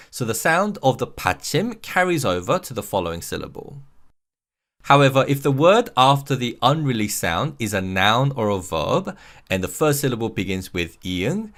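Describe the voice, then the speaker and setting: A man narrating a scripted language lesson, explaining clearly and repeating example words slowly and carefully. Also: mid-range voice, fairly bright tone. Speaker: language teacher.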